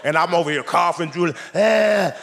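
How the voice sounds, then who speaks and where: A man telling a stand-up story in an animated way, often shouting and laughing. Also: a little high, fairly quick. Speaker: stand-up comedian.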